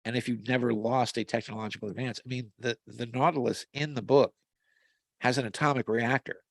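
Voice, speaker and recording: A man with a gravelly, fry-edged voice tells long rambling stories, full of restarts and fillers. He sounds close and dry, as if on a video call. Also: medium pitch, fairly even intonation, fairly quick, dry recording. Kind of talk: casual conversational storytelling. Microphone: video call mic.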